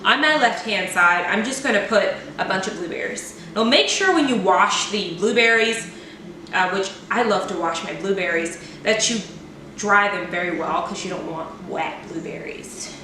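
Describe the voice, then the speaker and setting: A woman decorates a cake in her home kitchen for a cooking video, chatting playfully and poking fun at herself. Her medium-pitched voice is expressive and sharp-toned at a moderate pace. The mic sits at a distance in the echoey kitchen, with slight background noise.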